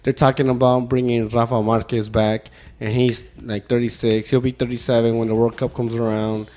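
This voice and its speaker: A man talks soccer on a casual podcast, animated and loose in his phrasing. His voice sits at an average pitch for a man, and he laughs often between points. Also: normal speed. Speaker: podcast co-host, soccer pundit. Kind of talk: casual chat.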